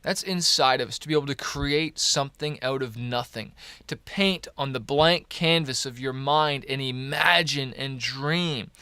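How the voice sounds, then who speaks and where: A Canadian man in his thirties hosts a casual motivational podcast, tired early in the morning yet upbeat and encouraging as he rambles with many fillers. His mid-range voice is pushed and bright, clear and resonant, a little slow, with no room sound.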